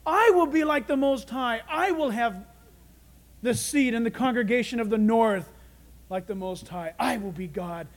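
A man's voice: very high voice, moderate pace. A man voicing a gloating male Satan who craves worship, boastful and relishing every word.

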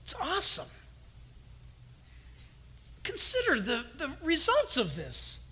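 A man delivering a sermon in a very high, piercingly bright voice. He talks animatedly, acting out short imagined conversations between believers as he makes his points. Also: takes it slowly. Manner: animated, acts out little quoted exchanges. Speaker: pastor.

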